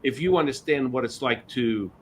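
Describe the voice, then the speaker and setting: A man's voice: mid-range voice, normal speed, slight background noise. A middle-aged man hosting a spiritual podcast, telling stories in a rambling, casual way with many restarts. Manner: rambling storyteller, frequent restarts and "you know". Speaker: podcast host.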